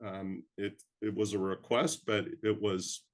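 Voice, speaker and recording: A man's voice: lowish voice, flat delivery, a little slow, few pauses. An older man from Canada, an interview guest who tells reflective stories in a humble, rambling way with frequent ums. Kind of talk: reflective storytelling.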